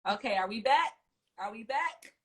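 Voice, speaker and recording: A woman's voice: a little high, animated, normal speed, low-quality recording. A young woman hosting a casual interview, chatty and reflective, often saying "you know" and "like". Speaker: podcast host.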